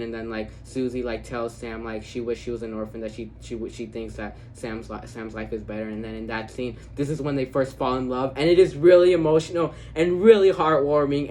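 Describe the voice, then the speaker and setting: Man, casual movie review, rambling, lots of fillers, mid-pitched voice, faint background ambience. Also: a little hiss or hum. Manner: rambling, many fillers, quiet quoted lines, gushing.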